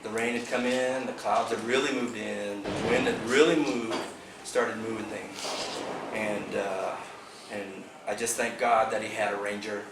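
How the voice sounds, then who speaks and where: A man casually telling a fishing tournament story to a club meeting, animated and laughing as he acts out the dialogue. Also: lowish voice, measured pace. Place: meeting room. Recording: echoey room from far off, background noise.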